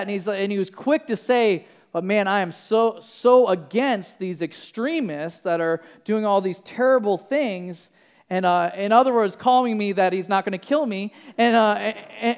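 A man's voice: high-pitched, smooth. A man, a pastor, giving a conversational sermon, often restarting and repeating words. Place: church.

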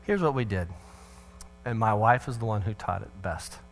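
A man's voice: on the low side, expressive, normal speed, a little hiss or hum. A middle-aged male pastor giving a conversational, joking parenting talk at church and acting out quotes in changed voices.

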